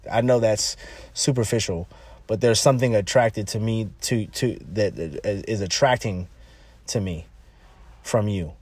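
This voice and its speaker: A man talking casually and bluntly about dating, animated and repetitive, jumping higher when he quotes people. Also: measured pace, pauses often, breathy edge, dry recording. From California, United States. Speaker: relationship advice talker. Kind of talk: casual monologue.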